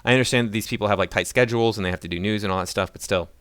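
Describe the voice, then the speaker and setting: Fast-talking sarcastic man. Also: lowish voice, a bit bright, clean tone, no echo. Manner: sarcastic, mocking. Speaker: political commentator. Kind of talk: ranting commentary.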